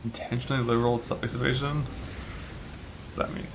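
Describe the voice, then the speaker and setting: A man's voice: medium pitch, little pitch movement, normal speed, vocal fry, background noise. A male game streamer chatting casually and profanely while he plays, rambling with many fillers and annoyed by a broken retainer in his mouth. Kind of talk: casual live-stream chat while playing.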